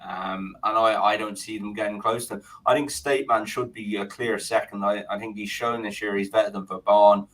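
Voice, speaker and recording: Low bright-toned casual man. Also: poor audio. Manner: relaxed, measured, frequent hesitations. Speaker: podcast co-host. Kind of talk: casual betting chat.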